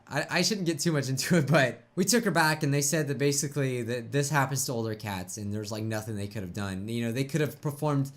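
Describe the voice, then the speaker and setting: A man hosting his own reaction channel talks casually about losing a pet. His voice is choked and tearful, and he rambles with halting restarts. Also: medium pitch. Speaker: YouTube reaction host. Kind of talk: emotional casual reaction talk.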